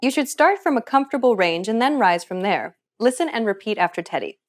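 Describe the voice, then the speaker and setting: Woman reading a language lesson script, clear and teacherly, voice moves up and down a lot. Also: on the high side, animated, brisk. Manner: clear, instructive. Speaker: pronunciation teacher.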